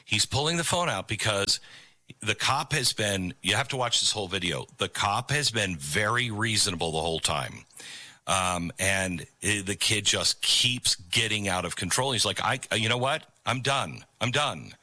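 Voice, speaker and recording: A man's voice: fairly low pitch, lively intonation, moderate pace, bright, forceful tone, no echo. A middle-aged man hosting an opinion commentary show, talking in an emphatic, preachy way about a video clip. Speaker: commentary host.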